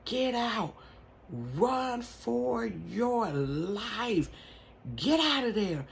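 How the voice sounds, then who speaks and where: A wise, firm churchgoing aunt, put on by a woman retelling a story. She speaks in a high, emphatic voice with folksy, commanding urgency. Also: animated, drawn-out words, creaky, slight background noise, full character voice. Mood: urgent.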